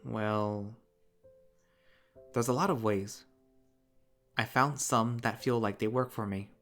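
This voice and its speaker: Murdoch: soft, reassuring young fox with a determined streak, read by a man, low and unhurried, from a visual novel. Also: steady tone, soft background music. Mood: earnest.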